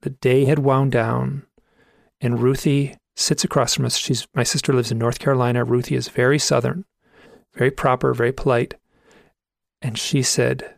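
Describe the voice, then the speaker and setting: A man's voice: medium pitch, level tone, normal speed, vocal fry, dry recording, studio quality. A middle-aged man telling a personal story in an earnest, reflective way, often restarting his sentences. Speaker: speaker telling owl stories.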